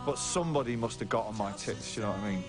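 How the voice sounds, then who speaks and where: During a documentary interview, a man with a fairly low voice speaks quickly, laughing through blunt, sweary stories about his band. Loud music plays over his voice.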